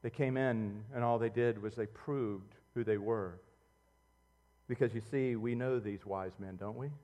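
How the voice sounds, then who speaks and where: Animated preacher in a reverberant hall. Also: male voice, measured pace. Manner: animated preaching, swinging between loud outbursts and quiet, low intimacy. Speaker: pastor. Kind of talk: sermon.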